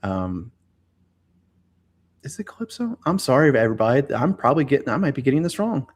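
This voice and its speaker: A man's voice: mid-range voice, big pitch swings, fast talker, slightly rough. A man speaking as a guest expert on a live-streamed discussion, telling things in a casual, hesitant way with many fillers.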